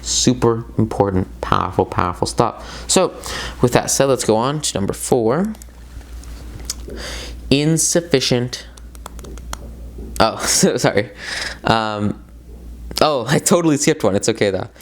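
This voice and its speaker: A man's voice: medium pitch, unhurried, long pauses. A man talks through a self-help book in a loose, motivational way. He keeps pushing his points with repeated words and eager emphasis, and often wanders off into casual side stories. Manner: excitable and emphatic, repeats words for stress, addresses viewers as "guys"; loose and rambling, with many fillers and side tangents.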